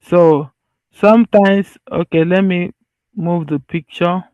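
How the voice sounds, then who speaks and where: Slow and high-voiced, a man lectures on medicine alongside slides, captured in muffled audio with no room sound. He keeps it conversational and loosely phrased, restarting sentences and going over points again to make them stick.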